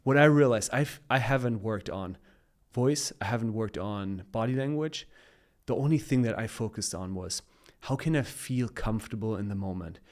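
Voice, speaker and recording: A man's voice: lowish voice, animated, normal speed, darkish tone. A man chatting as a guest on a casual podcast, upbeat and coaching in tone, laughing often as he talks.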